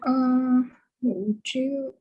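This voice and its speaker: A woman's voice: high-pitched, fairly even intonation, mellow, slightly rough, low-quality recording. Hesitant woman with a Chinese accent. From China. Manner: hesitant, halting, many restarts. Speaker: student. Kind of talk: exam speaking practice.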